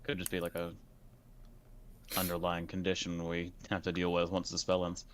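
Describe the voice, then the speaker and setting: A man's voice: low voice, monotone, normal speed, fairly bright tone, a little hiss or hum. A man playing a tabletop game over voice chat, chatting casually and apologizing freely. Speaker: player.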